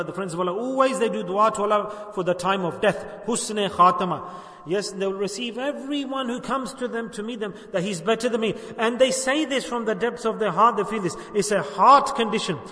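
A high-voiced man preaches a sermon, stopping often to ask his listeners whether they understand. He sounds far from the mic, and his voice rings through a large hall with a long, roomy reverb. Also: pushed and bright. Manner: preaching with repeated rhetorical questions. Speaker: religious teacher.

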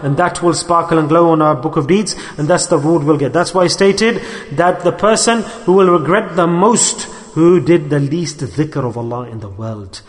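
A man's voice: a little high, normal speed, in a large hall. A man giving a Sufi sermon on remembrance in a mosque, emphatic and repetitive, asking his listeners questions and mixing English with Arabic and Urdu religious terms. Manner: emphatic, repeats phrases, asks the audience questions. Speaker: Sufi shaykh preaching on dhikr. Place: mosque hall.

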